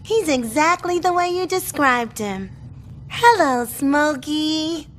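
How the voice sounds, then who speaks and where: A woman voicing a gentle, polite, well-spoken young girl who ran away from uptown, in an animated sitcom. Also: sits high, takes it slowly, slight background noise. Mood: sweet.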